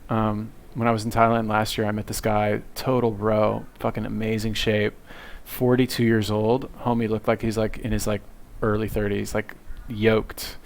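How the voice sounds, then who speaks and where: A man's voice: on the low side, little pitch movement, normal speed. A young man giving rambling, profane reaction commentary from his cluttered bedroom into a webcam, full of fillers and self-mockery. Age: young adult. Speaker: video commentator.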